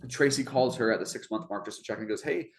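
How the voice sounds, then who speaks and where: A man's voice: on the low side, fast. A man presenting an informational webinar over a video call, talking earnestly and conversationally with many restarts. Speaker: webinar presenter for a marketing program.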